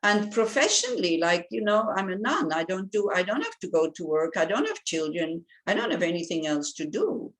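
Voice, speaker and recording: Lower-voiced middle-aged nun teaching. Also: female voice, normal speed, hardly any pauses, poor audio. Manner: animated, acts out inner voices; conversational, with asides and restarts. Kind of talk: dharma teaching.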